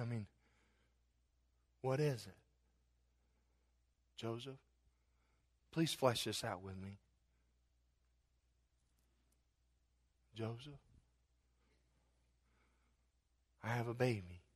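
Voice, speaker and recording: A man voicing a young woman who gently tells her fiancé hard news in a soft, pleading way. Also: mid-range voice, a little slow, long pauses, no room sound, clean studio sound, voice pushed down, lightly acted. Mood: hushed, pleading.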